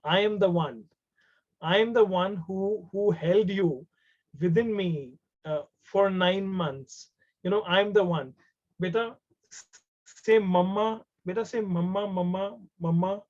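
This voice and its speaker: A man's voice: high voice, takes it slowly. A man with an Indian English accent quotes a doting young mother who coaxes her baby to speak. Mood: coaxing. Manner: coaxing, repetitive. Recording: dull lo-fi video call audio.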